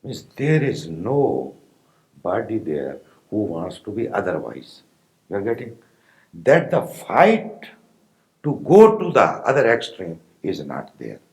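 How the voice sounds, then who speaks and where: An Indian man speaks as a spiritual teacher, his voice low and deep. His delivery swings widely in pitch, and he paces it slowly with pauses and questions to the room. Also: huge pitch swings, a little mellow, rough recording. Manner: slow, pausing, rhetorical questions to listeners. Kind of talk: spiritual discourse to meditators.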